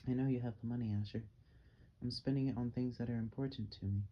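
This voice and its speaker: A man reading the lines of a quiet, firm religious father in an audiobook. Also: mid-range voice, steady tone, fast talker, lightly acted. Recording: dull, slightly muffled with faint hiss.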